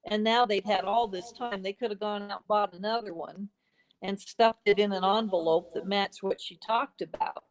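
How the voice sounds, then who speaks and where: A woman appearing as a podcast guest tells a story conversationally, earnestly building her case point by point. She acts out quoted dialogue in brief snippets, speaking at normal speed with a medium pitch and steady tone.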